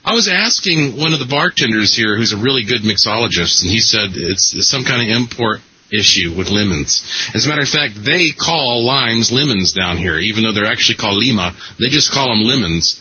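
A man's voice: lowish voice, animated, fairly quick, hardly any pauses, pushed and bright, slightly rough. A man hosting a radio show, chatting casually and rambling with laughs and restarts. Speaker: radio host. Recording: muffled broadcast audio.

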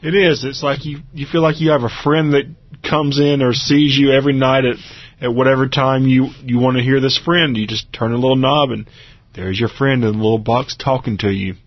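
A man's voice: mid-range voice, steady tone, fairly quick, no room sound, highs cut off. A man co-hosting a radio talk show, easygoing and chatty, with short asides. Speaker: radio co-host. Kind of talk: casual radio chat.

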